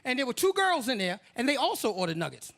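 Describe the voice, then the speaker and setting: A man's voice: very high-pitched, sing-song, fast talker, fairly bright tone. A man performing a stand-up comedy set, telling stories and acting out the people in them. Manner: storytelling, acts out characters, playful.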